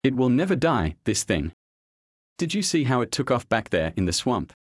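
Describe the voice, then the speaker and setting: A man doing a gruff snappish worker. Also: mid-range voice, sing-song, normal speed, dry recording, studio quality. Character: gruff worried male worker.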